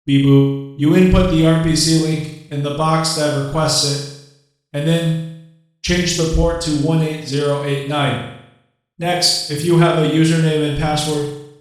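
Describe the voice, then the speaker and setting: Man voicing a robot sidekick, beep boop, flat droning tone, slow, far from mic, very echoey. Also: a little high. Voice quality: flat monotone robotic delivery. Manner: says beep boop, speaks in stiff formal instructions. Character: robot sidekick, male, stiff and mechanical.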